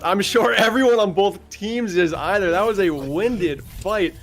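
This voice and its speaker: A man's voice: high-pitched, measured pace, soft background music. A young man giving analytical esports commentary, breaking down team fights and asking his co-caster questions.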